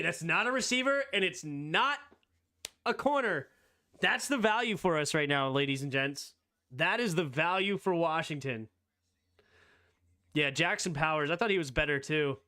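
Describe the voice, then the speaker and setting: A man hosting a casual live sports talk stream, reacting quickly and excitedly with strong opinions. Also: on the high side. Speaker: streamer host.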